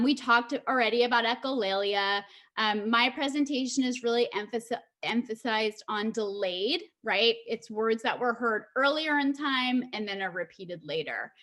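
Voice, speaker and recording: A woman's voice: fairly high pitch, pushed and bright. A woman giving an online presentation in a conversational way, with many filler ums.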